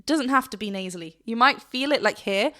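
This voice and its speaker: A woman vocal coach explaining singing technique in a reaction video, breaking off to demonstrate with loud sung yelps. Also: fairly high pitch, brisk.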